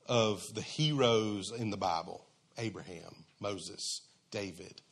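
A man preaching a sermon in a conversational, emphatic, folksy way. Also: mid-range voice.

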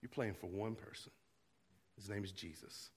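A man pastor preaching a sermon to his church, earnest, dropping to a hush and rising to loud, fervent calls. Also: fairly low pitch, normal speed, slightly rough, big-room sound. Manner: earnest, swings from hushed to loud. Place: church sanctuary.

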